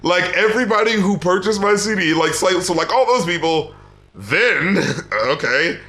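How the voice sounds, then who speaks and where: Podcast co-host, man, animated and profane, bright voice, roomy sound. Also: sits high, moderate pace. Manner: animated, swearing, bursts of laughter. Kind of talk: casual album review chat.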